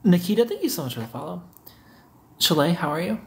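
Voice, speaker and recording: A man's voice: high voice, very animated, fast talker, creaky, fairly bright tone. Joking man on a livestream. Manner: joking, teasing, reads comments aloud. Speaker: livestream host reading chat. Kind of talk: casual livestream chat.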